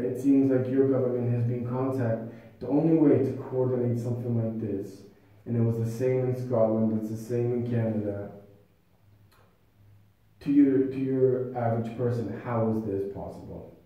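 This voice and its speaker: A man's voice: medium pitch, lo-fi sound. A man urgently recounting a grievance in a meeting, quoting what others said to him. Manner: earnest, urgent, often quotes others. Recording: very echoey room, voice far from mic.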